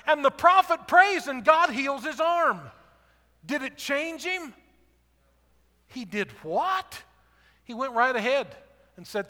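In an unhurried sermon, a male preacher with a high, bright voice tells a Bible story conversationally and animatedly, sprinkling in rhetorical asides. A long reverb makes it sound like a large hall.

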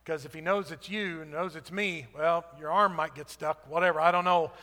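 A man voicing a brash, self-serving ancient king in his Bible teaching, loud and mock-casual. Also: on the high side, fairly even intonation, normal speed, long reverb tail, voice pushed down. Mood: brash demanding.

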